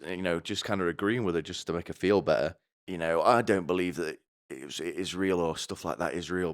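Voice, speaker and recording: A man telling a crude, rambling comic story in a deadpan way. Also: low voice. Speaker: comedy vlogger.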